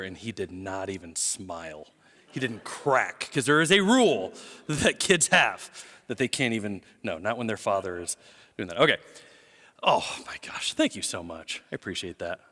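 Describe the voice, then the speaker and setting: A middle-aged man preaching a sermon in a lively storytelling way, with jokes and acted quotes. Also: lowish voice. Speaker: pastor. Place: large church auditorium. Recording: long hall reverb.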